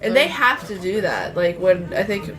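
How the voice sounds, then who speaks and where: Brief: woman co-host, casual chat, quick laughing reactions. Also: mid-range voice, lively intonation, crowd noise. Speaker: podcast co-host.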